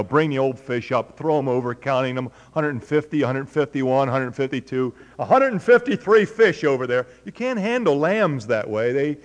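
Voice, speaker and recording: A man's voice: a little high, big-room sound. A man teaching a Bible study in a conversational way, asking his listeners questions. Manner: conversational, asks the audience questions. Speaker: preacher.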